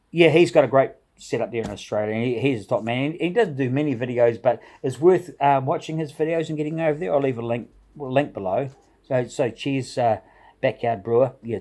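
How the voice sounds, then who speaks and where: Casual vlog shout-outs come from a middle-aged home brewing channel host whose voice is mid-range and darkish in tone. He chats with enthusiasm, wandering off a bit and chuckling as he goes.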